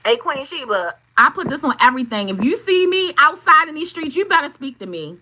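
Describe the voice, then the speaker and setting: Middle-aged woman, crisp and bright tone, swears freely, casual live-stream storyteller. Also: sits high, sing-song, a little fast, poor audio. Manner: profane, blunt, laughing storyteller; greets chat viewers by name. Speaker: tarot reader streaming live.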